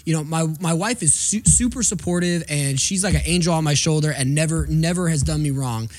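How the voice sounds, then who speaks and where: A man in his thirties talks quickly and bluntly, his voice sitting a little high. He tells his stories candidly, full of swearing and restarts, in a relaxed chat. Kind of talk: casual podcast chat.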